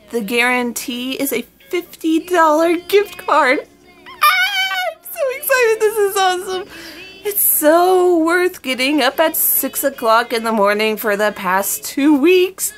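A woman vlogging to her viewers, giddy and squealing with excitement. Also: high voice, a little slow, faint music behind. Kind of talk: excited casual vlog chat.

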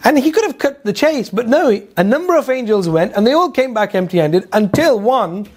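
A man's voice: very high-pitched, animated, brisk, slightly rough. A man teaching a Quran lesson, telling the story with rhetorical questions, asides and hesitant repeated fillers. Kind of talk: religious lecture.

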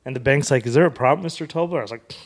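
Podcast guest, young man from Wyoming, mid-pitched voice, loose anecdotal storyteller who slips into quoted dialogue. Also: very fast. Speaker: comedian and author guest. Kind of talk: casual storytelling in a podcast interview.

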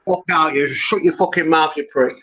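A man with a high voice rants and swears with nonstop aggression in a heated livestream argument. The audio comes through dull and lo-fi over an online call mic. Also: moderate pace, sharp tone, husky. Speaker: livestream panelist.

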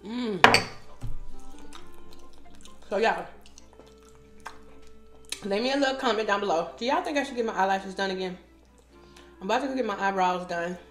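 A middle-aged woman with a mid-range voice who eats on camera and chats to her viewers between bites, humming and sighing over the food. Faint music plays softly behind her. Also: mid-range voice, moderate pace, long pauses, reverberant. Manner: chatty, talks to viewers while eating, lots of mm sounds. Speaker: mukbang host. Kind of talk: casual eating chat.

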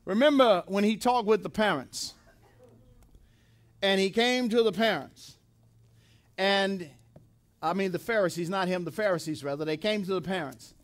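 High-voiced emphatic male preacher. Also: normal speed, pauses often. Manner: emphatic preaching with repetition and call-and-response questions. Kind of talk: sermon. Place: church sanctuary.

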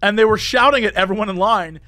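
A man co-hosting a podcast, telling a story in casual chat with animated swings between loud bursts and mumbled asides. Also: high-pitched, fast talker, no echo. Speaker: podcast co-host.

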